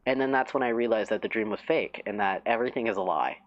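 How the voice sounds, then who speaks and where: A man's voice: lowish voice, fast. Giggly rambling man streaming, muffled sound. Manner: rambling, giggly and self-mocking. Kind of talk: casual live-stream chat.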